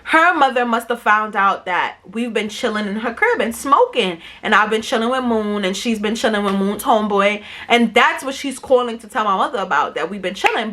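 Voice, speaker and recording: A woman's voice: fairly high pitch, noisy background. A young woman telling a storytime vlog in a casual, slangy, emphatic way, acting out quotes and swearing for emphasis. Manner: profane, emphatic asides. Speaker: vlogger.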